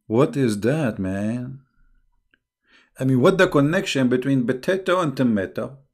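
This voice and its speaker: A man's voice: medium pitch, expressive, a little slow, a little mellow. A middle-aged man hosting a casual online livestream, talking in a sarcastic, mocking way and chuckling often. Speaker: online religious debate host.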